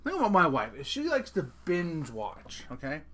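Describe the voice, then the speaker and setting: Middle-aged male podcast host, higher voice, casual profane ranting. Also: huge pitch swings, normal speed, pushed and bright. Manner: profane, joking, talks straight to listeners. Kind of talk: casual rant.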